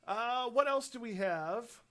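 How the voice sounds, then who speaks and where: A young man with a fairly high voice hosts a casual radio livestream from a studio. He rambles in an upbeat, chatty way while answering viewer comments. Faint music plays behind him. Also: animated, slow pace, bright, forceful tone. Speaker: radio host. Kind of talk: casual livestream chat, reading viewer questions.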